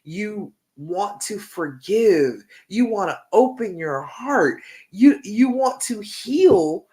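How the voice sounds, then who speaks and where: Woman, relationship coach, live-stream talk, emphatic, repetitive, encouraging, medium pitch. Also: expressive, slow pace, dark tone. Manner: emphatic, repetitive, ends points with "okay?"; encouraging, instructive.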